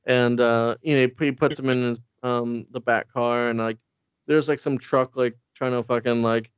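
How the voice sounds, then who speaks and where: Rambling, cursing man, smooth voice. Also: mid-range voice, steady tone, normal speed, no echo. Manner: rambling, profane, full of "like". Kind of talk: casual chat. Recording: dry, slightly dull recording.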